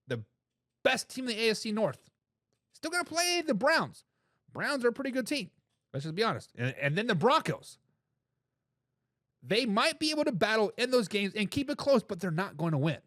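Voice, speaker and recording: A man hosting a live sports talk show, giving loud opinions on football and reading out viewer comments. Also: extremely high pitch, no echo, studio quality. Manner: animated, opinionated, reads chat comments aloud.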